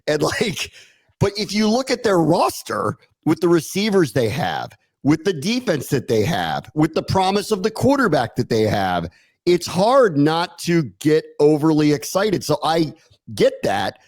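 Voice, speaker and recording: A man co-hosting a sports podcast, animated and sarcastic, laughing often in casual talk. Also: a little high, measured pace, dry recording. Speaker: podcast co-host.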